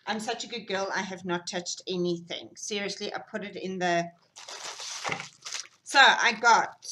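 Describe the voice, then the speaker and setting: A South African woman hosting a knitting podcast, chatting casually and gushing excitedly over gifts and yarn, sometimes dropping to a whisper. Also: fairly low pitch, slight background noise, low-quality recording. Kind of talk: casual unboxing chat.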